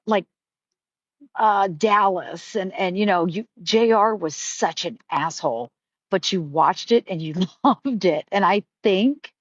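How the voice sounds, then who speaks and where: A woman's voice: medium pitch, slow, dry recording, muffled recording. A middle-aged woman hosting a live stream, talking candidly in a rambling way, with frequent swearing and restarts. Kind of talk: casual live-stream chat.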